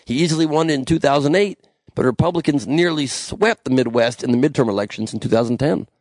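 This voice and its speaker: Recording solo in a small room, a young podcast host delivers the news with snarky rants and frequent profanity. His medium-pitched voice is quick and slightly mellow, and the recording sounds dry.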